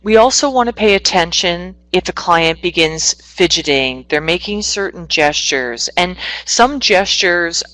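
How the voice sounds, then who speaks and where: A woman from Northwestern Ontario, a psychotherapist, presenting a webinar in a quick, conversational way with small asides. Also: on the low side, lively intonation, a bit bright, dry recording, rough recording. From Northwestern Ontario, Canada. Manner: fast-talking, self-aware, conversational with asides.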